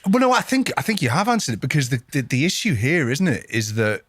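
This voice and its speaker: A man hosting a podcast sets out his thoughts in a calm, measured way. His voice sits at a middle pitch. The recording is close and dry. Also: no room sound. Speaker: podcast host. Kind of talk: casual podcast conversation.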